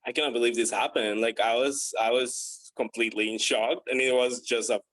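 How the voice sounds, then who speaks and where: Man telling a lively story. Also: brisk. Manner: animated, acts out quoted voices with big pitch jumps; chatty with frequent fillers. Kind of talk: casual podcast storytelling.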